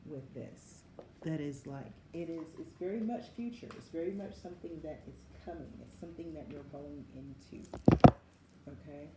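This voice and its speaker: Speaking low and at a moderate pace, this tarot reader from the American South, a woman in her forties, muses effusively through a spiritual reading and keeps calling things wild. Her echoey room carries background noise.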